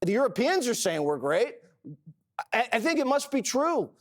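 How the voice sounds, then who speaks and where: A man's voice: extremely high pitch, very animated, moderate pace. A man co-hosting a panel show, brash and boastful while telling anecdotes. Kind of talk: casual panel commentary.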